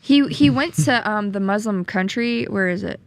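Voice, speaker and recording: Young Southern woman guest, earnest and chatty, mid-pitched. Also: moderate pace, no room sound. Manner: earnest, chatty, with frequent ums and likes. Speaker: podcast guest. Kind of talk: casual storytelling chat.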